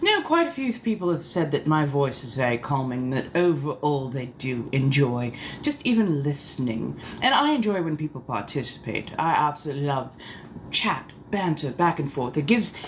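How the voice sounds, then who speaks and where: A woman chats live with her viewers in a put-on old colonial accent that blends English, Scottish and Irish tones. Her voice sits fairly low but swoops widely as she reacts. She is genteel and theatrical, stretching out her exclamations. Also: sing-song, slight background noise. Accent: put-on old colonial mix of English, Scottish and Irish. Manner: theatrical, genteel, answers chat with drawn-out exclamations. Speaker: live streamer. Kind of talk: casual live chat in a vampire persona.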